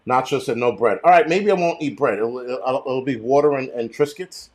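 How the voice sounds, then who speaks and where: A man hosting a casual livestream chat, rambling and swearing freely with animated outbursts. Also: mid-range voice, moderate pace. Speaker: host.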